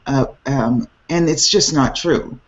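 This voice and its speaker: A woman hosting a casual group video chat, animated and laughing often, with many restarts. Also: very deep voice, slow pace, highs cut off. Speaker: host. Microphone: video call.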